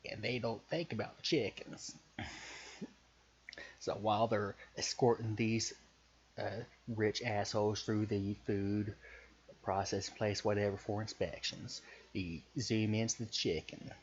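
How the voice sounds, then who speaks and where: A man with a Southern US accent pitching a story in loose, profane, hesitant casual talk full of fillers. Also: fairly even intonation, a little slow, husky. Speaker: podcaster pitching a story idea. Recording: muffled recording with faint hiss.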